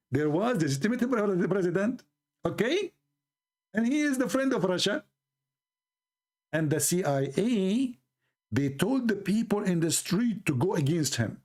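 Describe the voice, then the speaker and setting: An online commentator with a Middle Eastern Arabic accent and a high, animated voice talks a little slowly, pausing often. In casual opinion talk laced with stories, he mocks, repeats words, and laughs at his own points.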